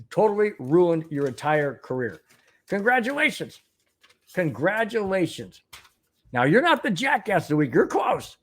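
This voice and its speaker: An older sports podcast host giving opinionated commentary, reading news aloud with indignant exclamations and repeated phrases. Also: medium pitch.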